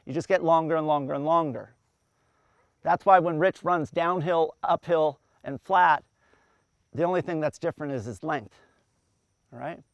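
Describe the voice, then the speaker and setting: A man's voice: fairly high pitch, normal speed, long pauses, dry recording. A man coaching a group outdoors, explaining running and swimming cadence step by step and counting breaths aloud in rhythm. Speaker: endurance coach.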